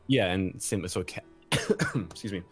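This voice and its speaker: A man with a very deep voice explains things in a loose, rambling way, full of fillers and restarts. It is relaxed, casual chat. Faint music plays underneath. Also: unhurried, breathy edge. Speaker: game language designer explaining a cipher.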